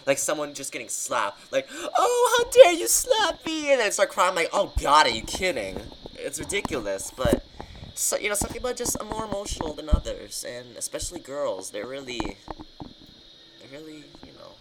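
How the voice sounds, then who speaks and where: A young podcast host who rants with lively, swooping pitch. The talk is casual and animated. Faint music sits under the voice. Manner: animated, ranting, swings pitch widely. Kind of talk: casual chat.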